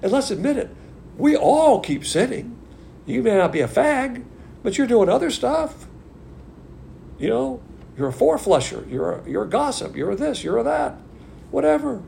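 A man's voice: extremely high pitch, big pitch swings, normal speed, gravelly, long pauses, mellow, slight background noise. A man teaching a Bible class in an informal sermon style, folksy and blunt, firing off rhetorical questions. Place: church class streamed on video call.

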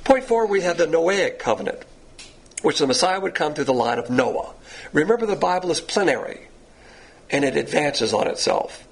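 Male preacher, gravelly and husky, lively pitch, emphatic sermon delivery. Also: normal speed. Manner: emphatic, repetitive, rising and falling delivery.

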